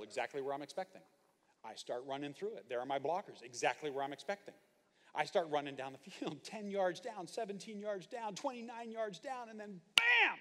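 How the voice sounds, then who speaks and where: Preacher guy, kinda high voice, jokey animated storytelling, big echoey hall sound. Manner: animated storytelling with comic asides. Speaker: pastor. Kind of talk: sermon. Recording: hall reverb.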